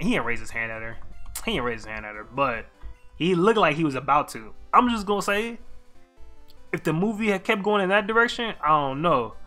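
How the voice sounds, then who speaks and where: A male streamer retells a story in an excitable, profane rant full of slang. His voice swoops widely up and down as he gets worked up. Faint music plays underneath. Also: a little high. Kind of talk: animated storytelling commentary.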